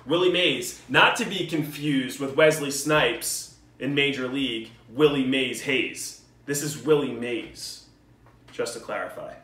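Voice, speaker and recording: A man's voice: mid-range voice, unhurried, bright, forceful tone. A man, joking and cursing as he talks through his picks in a casual video response. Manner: joking, swearing, enthusiastic banter. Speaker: vlogger. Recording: roomy echo, mic at a distance.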